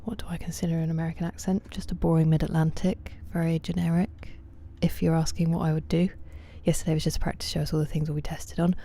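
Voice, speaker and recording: Gaming from a home setup at night, a livestreamer with a low voice chats with viewers, greeting them by name and answering comments, often sinking to a soft half-whisper. A close mic keeps her mellow, relaxed timbre up front as she talks quickly with few pauses over slight background noise.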